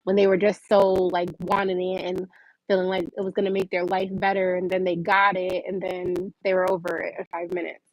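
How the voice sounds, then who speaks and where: Woman on a livestream, venting candidly to viewers, kinda low voice, dry. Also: brisk, dry recording, rough recording. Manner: candid, animated storytelling, reads viewer comments. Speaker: livestream host. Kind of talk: casual livestream chat.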